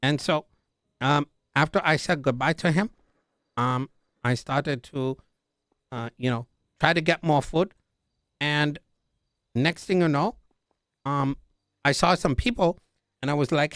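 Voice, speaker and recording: Young guy rambling a hostage story in character, dude every line, kinda high voice, dry close mic. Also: measured pace, long pauses, fairly bright tone, no echo. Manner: rambling, says "dude" and "like" constantly, acts out the other voices. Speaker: roleplay streamer in character.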